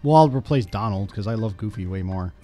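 A young man playing a game and commenting casually, easygoing and quick to laugh. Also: fairly low pitch, lively intonation, dark tone, soft background music. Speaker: let's play player.

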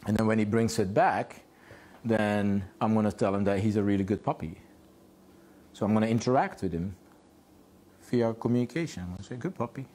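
A man's voice: on the low side, moderate pace, long pauses, mellow. A man, a dog trainer, explaining puppy play in a home garage, asking rhetorical questions and answering them himself. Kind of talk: instructional talk.

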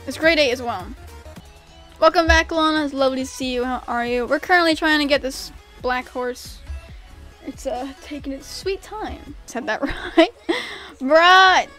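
Over soft background music, a young woman with a high voice streams gameplay at a moderate pace and chats casually with viewers. She reads their questions out and answers, reacting expressively with everything from mumbles to frustrated shrieks.

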